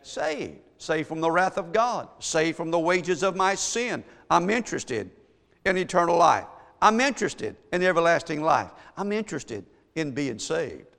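A man's voice: fairly high pitch, expressive, normal speed, gravelly, a bit bright, in a large hall. A man preaching a sermon, reading scripture aloud with rising, emphatic delivery to a church congregation. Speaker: pastor. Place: church sanctuary.

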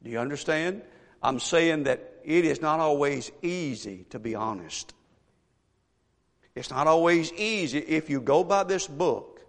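A man preaching a sermon as a pastor, telling a story with animated asides and rhetorical questions to the congregation. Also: fairly high pitch, a little slow. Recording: echoey church hall.

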